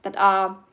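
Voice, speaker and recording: Chatty young woman livestreaming. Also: a bit bright. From Germany. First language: German. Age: 20s. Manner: chatty and earnest, many fillers and restarts. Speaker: livestream host. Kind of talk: live Q&A reading viewer comments.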